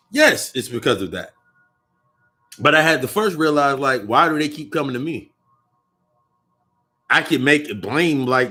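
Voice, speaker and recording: A man's voice: mid-range voice, fairly bright tone. A young man talking in a casual spiritual monologue, profane and rambling, often repeating and restarting his phrases. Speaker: occult vlogger.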